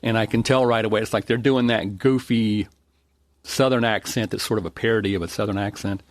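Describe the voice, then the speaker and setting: A man from North Carolina, a podcast co-host, talking in a relaxed, conversational way. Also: on the low side, brisk. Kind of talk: casual chat.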